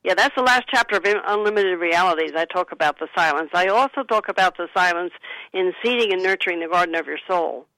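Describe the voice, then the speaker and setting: An author talking about her book, coaching listeners gently and acting out soothing sample replies. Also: mid-range voice, quick pace, no echo, poor audio. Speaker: author and guest. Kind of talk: conversational advice talk.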